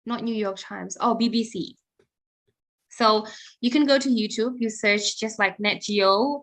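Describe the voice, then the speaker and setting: A young woman with an Indonesian accent, a guest speaker answering questions in an online webinar, chatty and quick with many fillers. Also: a little high. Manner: chatty, quick, with fillers and soft trailing asides. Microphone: video call.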